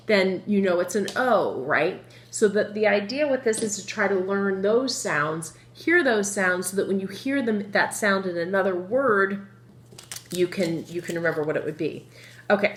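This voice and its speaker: A woman teaching young children a phonics lesson, slowly drawing out word sounds and asking the class questions. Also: mid-range voice. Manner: slow, drawn-out sounding of words; lively, encouraging, asks the children questions. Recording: echoey room with faint noise.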